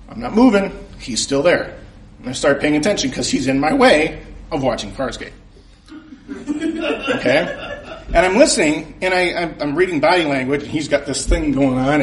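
A man performs a comic, self-mocking story live at a convention. His voice sits fairly high and swings widely in pitch. He often laughs at his own lines, and faint noise hums behind him. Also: fairly bright tone. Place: convention stage before a live audience.

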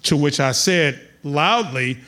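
Animated man telling a story on stage. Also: on the high side, slow. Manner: animated, builds to loud excited outbursts. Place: live venue with audience.

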